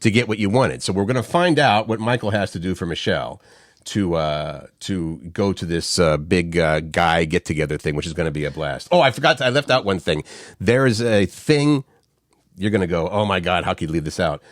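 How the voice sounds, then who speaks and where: A man's voice: deep voice, expressive, a little fast, no room sound, clean studio sound. A middle-aged man co-hosting a morning show, telling stories in a rambling way with many restarts. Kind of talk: casual morning-show chat.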